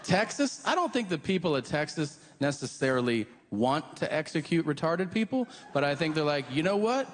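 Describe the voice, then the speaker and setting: A man performs stand-up on stage, his voice sitting a little high and his delivery profane and mocking. He keeps slipping into the voices of the people he describes. The live hall rings with a long echo, and the crowd's ambience comes through clearly. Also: big pitch swings, normal speed, few pauses, a little hiss or hum. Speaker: stand-up comedian. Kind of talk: stand-up comedy set. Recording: live hall recording with reverb.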